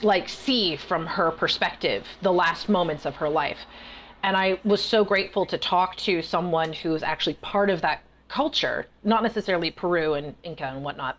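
A woman guest author in a casual interview, telling stories in a chatty, animated way. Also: on the low side. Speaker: guest author and festival performer.

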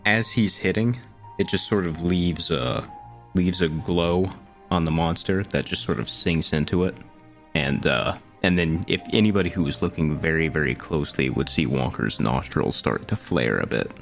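A man's voice: low voice, normal speed, vocal fry, faint music behind. A man playing a tabletop game, talking casually, hesitant and laughing as he corrects himself. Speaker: player.

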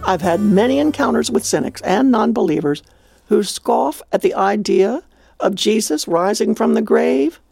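A woman's voice: mid-range voice, animated, normal speed, creaky, darkish tone, slightly rough, no room sound, soft background music. A woman hosting a devotional radio talk, telling a story and preaching in a heartfelt, exclamatory way.

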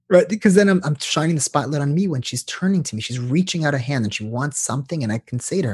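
A man who works as a couples therapist, explaining in an animated way during an interview. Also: medium pitch, fast talker, few pauses, breathy edge.

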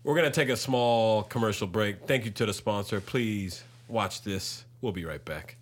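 Low-voiced laid-back male host. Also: normal speed. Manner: brief reactions, laid-back, profane. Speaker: podcast host. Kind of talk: casual chat.

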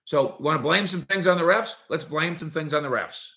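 A man hosting a sports opinion show, talking in an animated, sarcastic way and acting out quotes from players and coaches. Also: fairly high pitch, fairly quick, creaky.

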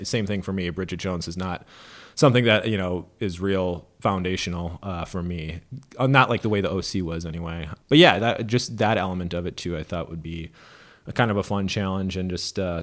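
A deep-voiced man with a Midwestern American accent talks loosely on a podcast. He hedges and circles his points with lots of fillers. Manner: rambling, hedging, with many fillers. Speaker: podcast co-host. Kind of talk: casual podcast chat.

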